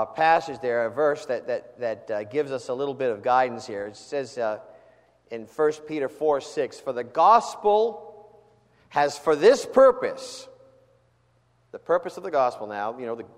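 Preacher man in a reverberant hall. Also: medium pitch. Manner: conversational preaching with rising emphatic quotes of scripture; frequent restarts and repeated words. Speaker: pastor. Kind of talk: sermon.

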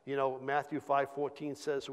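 A man telling a personal testimony in an informal sermon, halting with repeated words and fillers. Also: mid-range voice, completely flat delivery, clean tone, long reverb tail. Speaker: church speaker sharing a testimony.

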